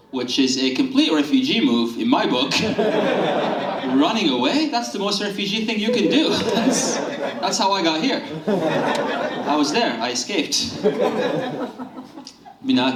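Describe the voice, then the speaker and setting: A man from Syria doing stand-up in a comedy club, delivering dry, self-mocking jokes into a handheld mic. The room is echoey and he sounds a little far from the mic. Loud laughter from the audience keeps breaking through. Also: on the high side, very noisy. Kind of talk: stand-up set. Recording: echoey room, heard from a distance.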